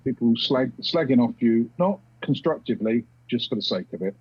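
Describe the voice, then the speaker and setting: A man's voice: medium pitch, lively intonation, normal speed, husky, no echo. A man from the UK guesting on a podcast, talking bluntly and swearing freely in casual chat over a video call. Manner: blunt, sweary, plain-spoken. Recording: dull lo-fi video call audio.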